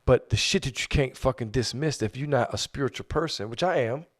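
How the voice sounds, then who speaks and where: Loud profane man podcast co-host. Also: mid-range voice, fairly quick. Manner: loud, profane, jumps in and talks over. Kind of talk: casual podcast chat.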